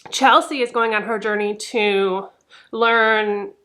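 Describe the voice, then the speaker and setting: Bright, chatty young woman book vlogger. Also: medium pitch, fairly even intonation, takes it slowly. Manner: chatty, peppered with "like", swears freely. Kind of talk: casual book review chat.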